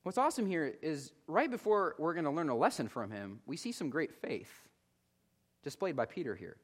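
A man delivers a sermon in a voice pitched a little high for a man. He keeps it conversational and animated and speaks directly to his listeners. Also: moderate pace. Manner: conversational, animated preaching that addresses the listeners as folks. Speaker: preacher.

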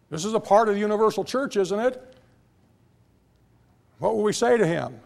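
Gravelly high-voiced preacher, repeating himself. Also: male voice, lively intonation, moderate pace, long pauses, darkish tone. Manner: emphatic, repetitive, stammering restarts. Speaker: pastor. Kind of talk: sermon. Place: church sanctuary.

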